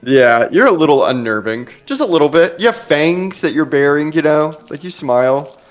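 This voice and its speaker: A man narrating a tabletop role-playing game as game master, in a relaxed, chatty way. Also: a little high, normal speed, muffled recording, soft background music. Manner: relaxed and chatty, laughs easily.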